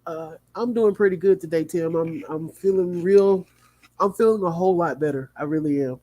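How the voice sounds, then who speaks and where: A man hosting a livestream, reading a news article aloud in a sleepy, yawning way, with small slips and quick asides to his chat. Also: on the high side, mellow. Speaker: livestream host.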